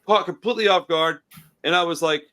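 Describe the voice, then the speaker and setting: A man talks on a laid-back podcast, racing through a story about his record store. His voice sits a bit high and his words pour out quickly. He swears freely and keeps slipping into "I was like.". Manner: profane, animated storytelling, heavy on "I was like". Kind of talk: casual podcast chat.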